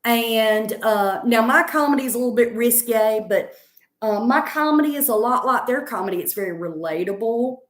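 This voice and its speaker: A woman's voice: on the high side, expressive, normal speed, roomy sound. A woman comedian with a Southern accent, chatting casually in a rambling, confident way while answering viewer comments. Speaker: stand-up comedian.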